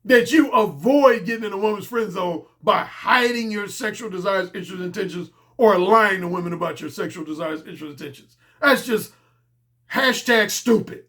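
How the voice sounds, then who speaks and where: Blunt emphatic middle-aged man, high bright voice. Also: moderate pace. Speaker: dating coach. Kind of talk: solo commentary monologue.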